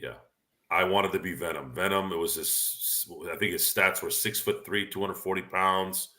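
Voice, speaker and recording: A man's voice: deep voice, normal speed, bright, forceful tone. A man hosting a casual chat, talking in an opinionated, rambling way with frequent restarts. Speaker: podcast host. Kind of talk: casual sports and movie chat.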